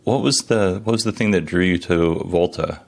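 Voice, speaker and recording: Deep-voiced podcast host. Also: male voice, moderate pace, creaky. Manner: conversational, rambling questions. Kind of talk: casual podcast interview.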